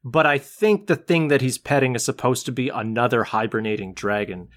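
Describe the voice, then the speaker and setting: A married man co-hosting a film podcast, explaining plot details at length in a patient, gently teasing way. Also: medium pitch, fairly quick. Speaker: podcast co-host. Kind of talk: casual film discussion.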